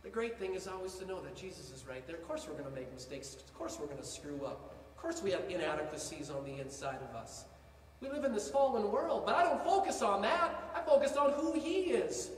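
A high-pitched male pastor preaches with animated swings from hushed to loud. He sounds distant from the mic, his voice ringing through a long-reverb hall over a faint hum of room ambience. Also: brisk. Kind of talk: sermon.

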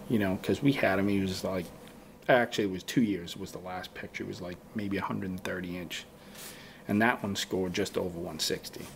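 Man, low voice, gravelly, rambling storyteller, quotes his own thoughts, faint hiss. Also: steady tone, normal speed. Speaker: guest bowhunter. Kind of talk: casual storytelling in a podcast interview.

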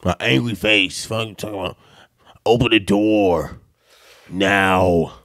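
A man co-hosting a podcast in casual chat, reacting loudly and laughing. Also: lowish voice, slow pace. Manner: loud reactions, bursts of laughter. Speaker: podcast co-host.

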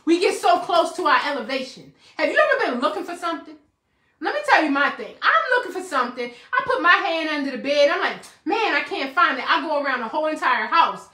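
A woman's voice: sits high, sharp tone, echoey room. A woman hosting a live motivational healing talk, preachy and casual, calling listeners baby and using slang. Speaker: host of a healing show.

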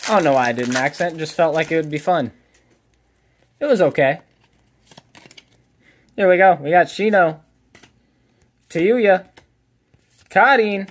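A man's voice: a little high, expressive, a little slow, long pauses. Chatty man opening card packs. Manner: upbeat, chatty, calls out each card as pulled. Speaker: card collector and channel host. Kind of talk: casual card pack opening commentary.

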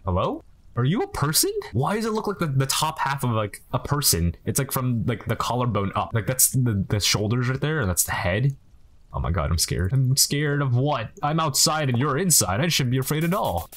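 A mid-range voice full of big pitch swings, at normal speed, belongs to a young gaming commentator. He gives casual, joking let's-play commentary and speaks directly to the characters on screen.

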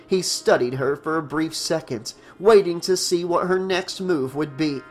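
A man reading a horror novel aloud as an audiobook, in a steady storytelling manner. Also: on the high side, measured pace, faint music behind. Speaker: audiobook narrator.

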